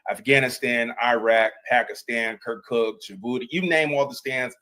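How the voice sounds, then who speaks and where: Earnest male panel guest recounting his service, emphatic, mid-pitched. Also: normal speed, sharp tone, rough recording. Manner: earnest, emphatic, many restarts. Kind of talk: storytelling on a live panel.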